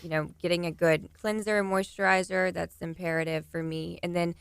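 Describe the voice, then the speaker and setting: A woman's voice: lowish voice, steady tone, a little fast, creaky, smooth, no room sound. A young woman with a Texan accent, a pageant titleholder chatting as a radio guest in an upbeat, giggly way. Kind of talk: casual radio interview.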